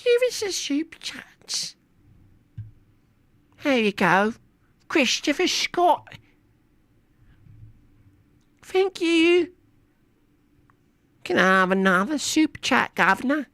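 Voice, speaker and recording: A man's voice: very high voice, sing-song, takes it slowly, long pauses, sharp tone, dry recording, voice pushed up, full character voice. A man putting on a mock British accent, voicing a wheedling male street beggar who pleads over and over and keeps coughing. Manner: wheedling, repetitive begging. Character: high-pitched cockney-style male street beggar, pleading.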